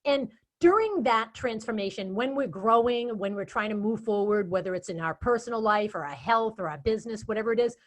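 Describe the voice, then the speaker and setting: Chatty Boston-accented woman, slightly high voice. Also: a little fast, few pauses. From Boston area. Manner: chatty, animated storytelling with quoted asides. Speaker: guest speaker and event moderator. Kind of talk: casual interview chat.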